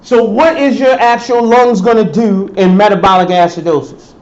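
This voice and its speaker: High-voiced man lecturing in an echoey hall. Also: fairly even intonation, moderate pace. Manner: quizzing, answers his own questions. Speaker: professor. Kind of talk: classroom lecture with questions to students. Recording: echoey lecture hall, dull sound, faint hiss.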